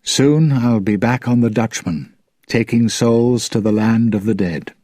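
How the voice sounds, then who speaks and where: A man's voice: mid-range voice, a little slow, warm tone, no room sound, clean studio sound, natural voice. A man doing a solemn young sea captain.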